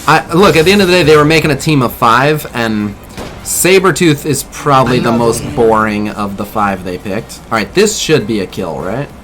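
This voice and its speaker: A man's voice: medium pitch, animated, moderate pace, fairly bright tone, soft background music. A man streaming a mobile game, chatting casually and critiquing what he sees while answering viewers. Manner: chatty, mildly critical, reacts to viewer chat. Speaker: gaming streamer. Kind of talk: casual gameplay commentary.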